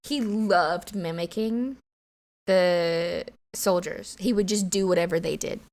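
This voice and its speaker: A woman co-hosting a casual podcast, telling stories in a lively way and laughing often. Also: lowish voice, slow pace. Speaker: podcast co-host. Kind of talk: casual storytelling chat.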